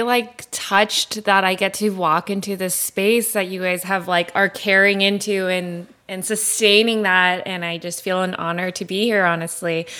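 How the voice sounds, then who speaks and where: A woman's voice: mid-range voice, sharp tone. Bubbly young woman guest. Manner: bubbly, self-deprecating, laughs often. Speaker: podcast guest. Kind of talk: casual podcast chat.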